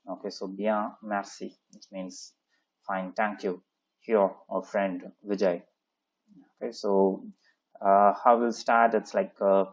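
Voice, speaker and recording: A man's voice: on the low side, little pitch movement, slow pace. A man teaching a French textbook lesson, explaining in with many "okay, so" fillers and reading French phrases aloud. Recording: dull lo-fi sound.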